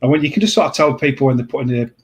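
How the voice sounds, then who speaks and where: Halting, rambling man chatting. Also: medium pitch, expressive. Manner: rambling, halting, many restarts. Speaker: host. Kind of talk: casual chat.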